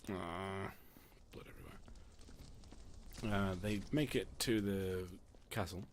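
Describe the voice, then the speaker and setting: A man's voice: low voice, slow pace, slight background noise. A man narrating a tabletop game as game master in a casual, rambling way, often stopping to ask himself questions. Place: room, alone.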